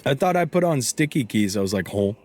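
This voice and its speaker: A young man chats loosely with his live-stream audience while he plays, his pitch jumping up and down as he rambles. He trails off mid-thought, restarts, and laughs a lot, with hiccups catching his voice. Faint music runs underneath. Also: big pitch swings, fast talker. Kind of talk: casual live-stream chat while gaming.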